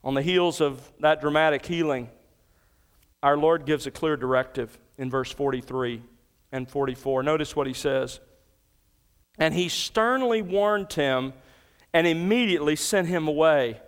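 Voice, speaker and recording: A male pastor preaching an expository sermon, his voice a little higher than most men's and smooth. He swells with emphasis on key points and sinks low and soft when quoting. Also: moderate pace.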